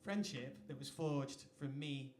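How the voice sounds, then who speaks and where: Performing live, an English singer-songwriter pauses between songs to tell a chatty, self-deprecating story from the venue stage. His voice is medium in pitch and darkish, his pace measured. The echoey live sound carries a little hiss or hum.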